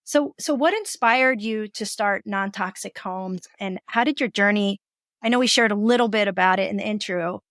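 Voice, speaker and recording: A woman's voice: medium pitch, moderate pace, a bit bright, no room sound, studio quality. A woman hosting a podcast, affirming her guest and asking guiding questions. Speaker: podcast host. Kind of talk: casual interview conversation.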